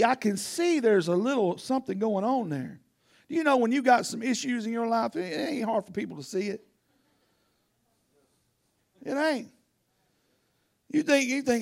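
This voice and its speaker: A man preaching a sermon, telling a folksy story that swings from loud to hushed. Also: very high-pitched, lively intonation, moderate pace, creaky. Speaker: pastor.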